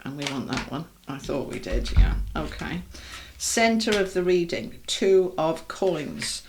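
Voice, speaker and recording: A woman's voice: sits low, lively intonation, a little slow, background noise. A woman giving a chatty tarot card reading, talking straight to her viewers in a reassuring way. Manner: warm, chatty and reassuring, addresses viewers directly. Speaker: tarot reader.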